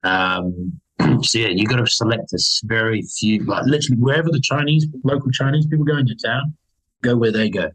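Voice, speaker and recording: A man's voice: medium pitch, a little fast, fairly bright tone, low-quality recording. A young man who is a guest on a podcast, chatting casually, rambling with restarts and laughing often. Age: young adult. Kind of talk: casual chat.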